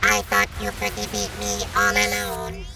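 A woman voicing a gloating monster villain whose broken voice box makes him sound like a squeaky little robot. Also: very animated, measured pace, gravelly, heavily acted. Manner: gloating, menacing, cackling. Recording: distant mic with music behind.

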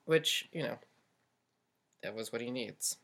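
A woman's voice: rumbling low, measured pace, bright, forceful tone. A woman chatting casually on a podcast, with stumbling starts before she makes firm points. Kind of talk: casual chat.

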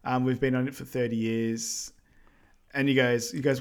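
Man, mid-pitched voice, relaxed podcast co-host, lots of ums. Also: normal speed, clear, resonant tone. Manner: relaxed, fills with "um" and "yeah", does character voices. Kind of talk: casual movie recap chat.

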